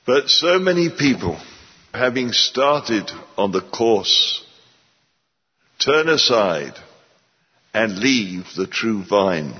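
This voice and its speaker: A man preaching a sermon, slow and deliberate, stern and rising for emphasis. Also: fairly low pitch, very animated, husky. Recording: dull sound in a long-echoing hall.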